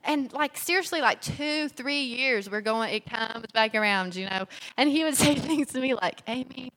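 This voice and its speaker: Bright, chatty woman telling stories. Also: moderate pace, big-room sound. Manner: chatty, animated, laughs while telling stories; acts out quotes in a higher, louder voice. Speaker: speaker sharing marriage advice. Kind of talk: personal talk to an audience.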